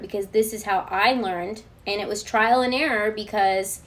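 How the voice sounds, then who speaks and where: A woman's voice: mid-range voice, fairly even intonation, normal speed, a bit bright. A woman giving a spoken tarot reading and channeled guidance, earnest and reassuring, often checking in with her listener. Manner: earnest and spiritual, talks straight to the viewer. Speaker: tarot card reader.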